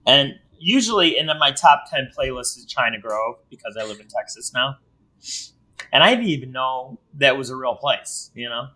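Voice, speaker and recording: Bright-voiced joking podcast host, a man. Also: medium pitch, lively intonation, moderate pace, low-quality recording. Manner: joking, rambling, teasing his co-host. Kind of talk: casual podcast chat.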